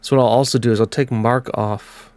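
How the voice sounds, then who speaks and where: A man's voice: mid-range voice, steady tone, a little mellow, clean tone, no echo. Congested man calling a football game. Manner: chatty, calls match play in quick bursts. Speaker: gaming commentator. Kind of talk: casual let's-play commentary.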